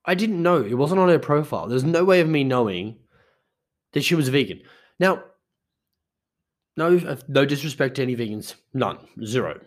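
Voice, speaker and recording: A young man hosting a podcast, telling stories in a rambling casual monologue full of swearing. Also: medium pitch. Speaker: podcast host.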